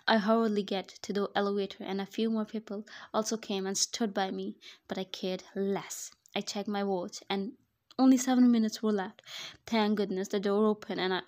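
A woman narrating her own fan fiction story in the first person, in a conversational voice-over. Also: medium pitch. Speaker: narrator and author.

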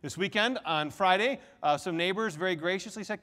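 Animated, high-voiced male pastor preaching. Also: long reverb tail. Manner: animated storytelling, quick shifts between soft and loud. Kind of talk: sermon. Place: church sanctuary.

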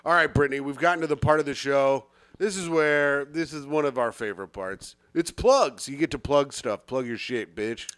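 A man's voice: mid-range voice, normal speed, hardly any pauses, fairly bright tone, smooth. A young man co-hosting a comedy podcast, teasing and laughing often in casual chat. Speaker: podcast co-host.

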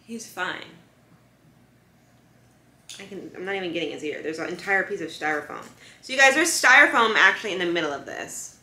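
A young woman vlogging at home in casual chat, chatty and softly coaxing her dog. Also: fairly low pitch, lively intonation, a little fast, pauses often. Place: home room. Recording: echoey room.

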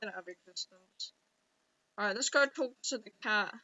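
A woman giving casual game commentary, excitable and yelping when startled. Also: mid-range voice, normal speed, lo-fi sound, very noisy. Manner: excitable, yelps and shouts at surprises. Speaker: gameplay commentator.

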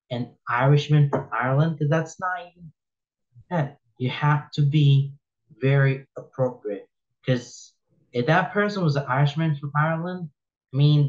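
A man's voice: a little high, darkish tone. Rambling man with dull lo-fi sound. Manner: rambling, repeats and restarts often, opinionated. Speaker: reaction video host. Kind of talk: casual commentary reading posts aloud.

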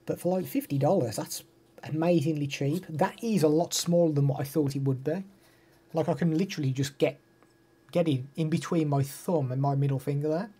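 A man in casual live-stream chat, showing gear and answering his viewers. His voice is mellow and a little husky. He talks easily and laughs often. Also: on the high side, fairly even intonation, fairly quick.

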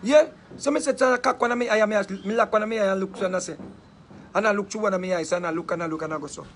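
A Jamaican man telling a story in casual, patois-heavy speech, animated and laughing often. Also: sits high, rapid-fire, slight background noise.

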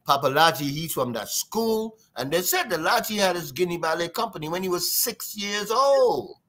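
A man with a Trinidadian accent, a guest drummer, tells stories in an animated interview. His voice sits high and moves at a moderate pace, lively and sing-song, and he imitates drum sounds.

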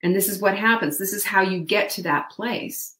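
A woman's voice: medium pitch, moderate pace, pushed and bright, reverberant. A woman hosting a live online show, giving upbeat motivational coaching and speaking to her viewers by name. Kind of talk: motivational live-stream talk.

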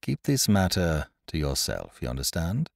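A man voicing a stern, shrewd ship's captain who gives curt, hushed orders in a storybook reading. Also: huge pitch swings, moderate pace, creaky, no room sound, studio quality, exaggerated voice. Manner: commanding, curt, low and hushed.

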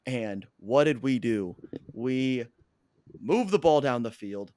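A hoarse man who has lost his voice, co-hosting a casual podcast and bragging excitedly about his football team. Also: mid-range voice, takes it slowly. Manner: excitable, boastful sports fan. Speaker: podcast co-host; coach. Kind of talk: casual sports chat.

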